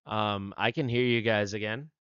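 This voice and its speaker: A low-voiced man hosts a relaxed gaming livestream, laughing easily and joking with his chat. His headset audio sounds dry and somewhat dull, like lo-fi stream sound. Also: normal speed, clear, resonant tone, no room sound. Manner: laid-back, laughs often, talks to chat. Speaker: livestream host.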